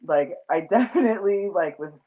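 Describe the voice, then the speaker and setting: A woman hosts a casual chat at a moderate pace, her medium-pitched voice expressive as she rambles along with plenty of fillers and frequent laughter. The sound is tinny, like it's coming down a phone line.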